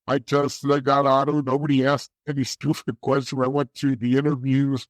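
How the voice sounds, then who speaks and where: A man from the East Coast talks through his past as an interview guest, blunt and salty, often doubling back mid-sentence. His voice sits at an ordinary middle pitch, and the sound is dry and close. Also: flat delivery, brisk, dry recording. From East Coast of the United States. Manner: blunt and profane, restarts often. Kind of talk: candid storytelling.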